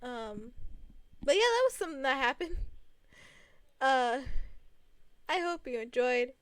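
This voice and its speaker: A woman's voice: high-pitched, very animated, a little slow, fairly bright tone. A young adult woman in casual storytime narration, chatty and rambling with many fillers.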